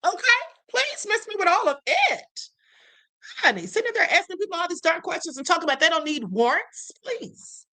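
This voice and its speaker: A woman's voice: extremely high pitch, sing-song, a little fast, pushed and bright. A woman hosting a livestream, reacting to clips in casual, sassy commentary, calling viewers honey and baby.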